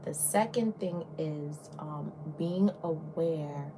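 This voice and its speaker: A young woman with a Southern US accent, a beauty influencer rambling casually through a get-ready-with-me chat and slipping into soft whispers. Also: sits low, takes it slowly, noisy background. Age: young adult.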